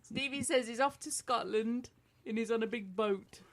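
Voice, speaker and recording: A British woman co-hosting a casual online radio show, teasing her husband and reading out chat. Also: fairly high pitch. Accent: British English. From Britain. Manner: teasing, quick wit, laughs often.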